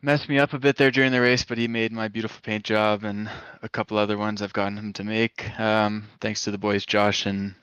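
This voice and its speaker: A man's voice: fairly low pitch, flat delivery, fairly quick, few pauses, fairly bright tone, clear, resonant tone, dry recording. A man from Canada giving a post-race interview as a driver, hesitant and full of fillers, over voice chat. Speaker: racing driver being interviewed. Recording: dull, lo-fi voice chat.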